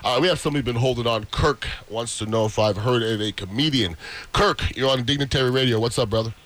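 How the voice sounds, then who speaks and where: A man's voice: mid-range voice, quick pace, a bit bright. A man hosting a radio talk show, chatting loosely and joking with his co-hosts, callers and guests. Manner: loose, joking, rambling banter.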